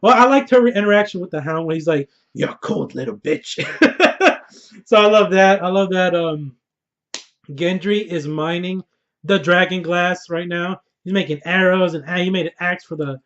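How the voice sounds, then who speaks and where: Hyped high-voiced man reviewing TV. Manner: hyped, slangy, swears freely. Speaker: TV episode reviewer. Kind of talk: casual excited review. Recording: dull lo-fi recording.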